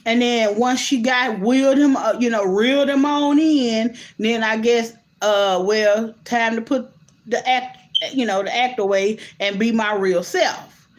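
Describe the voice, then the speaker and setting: Woman host, casual vlog commentary, slightly high pitch, animated and incredulous, addresses viewers directly. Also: unhurried, slight background noise. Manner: animated, incredulous, many restarts and asides to viewers.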